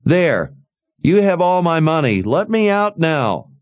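Audiobook: a high, whimpering trapped captive, slow and begging. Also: male voice, very animated, no echo, dull audio. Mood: pleading. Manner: pleading, breathless, drawn-out. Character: trapped desperate man, weepy and begging. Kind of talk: audiobook character voice.

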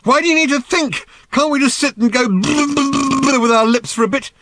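A man voicing Arthur, a fed-up man who shouts with sarcasm and melodrama. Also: sits high, wildly swooping pitch, normal speed, no echo, pitched above the performer's own voice, heavily acted. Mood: frantic.

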